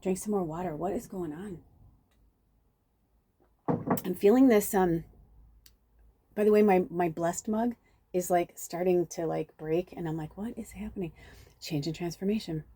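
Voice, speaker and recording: A woman's voice: fairly low pitch, measured pace, long pauses, warm tone, slight background noise. A woman reading oracle cards and telling myth in a chatty, casual spiritual style, talking from home near a busy road. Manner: chatty, swears, many fillers. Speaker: psychic reader.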